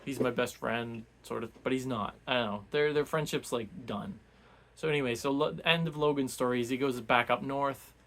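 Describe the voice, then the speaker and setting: Gravelly man recapping a book. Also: mid-range voice, fairly quick, fairly bright tone, a little hiss or hum. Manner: rambling, many fillers and restarts. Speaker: book club reviewer.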